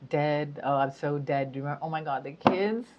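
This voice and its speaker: Low-voiced woman rambling slow and chatty, giggles a lot, kinda muffled lo-fi audio. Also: very noisy. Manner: chatty, giggly, many fillers. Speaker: spiritual speaker. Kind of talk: casual monologue to camera. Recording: dull lo-fi sound.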